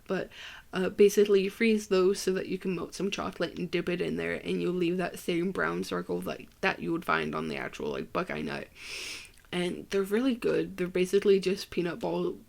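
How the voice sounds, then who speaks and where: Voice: medium pitch, gravelly. A young adult from Ohio with a Midwestern American accent, hosting a casual solo podcast in a rambling, joking, self-deprecating way. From Ohio, USA. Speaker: podcast host.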